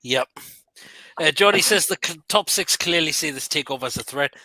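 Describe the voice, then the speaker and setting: A man's voice: fairly high pitch, moderate pace, bright, forceful tone, no echo. A man hosting a casual live stream, reading out viewer comments with short agreeing replies. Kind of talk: casual chat.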